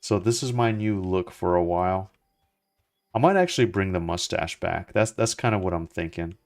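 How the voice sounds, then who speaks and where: A young man chatting casually as he plays, relaxed and rambling with lots of fillers and restarts. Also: sits low, moderate pace, faint music behind. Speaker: gaming streamer. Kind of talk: casual gameplay commentary.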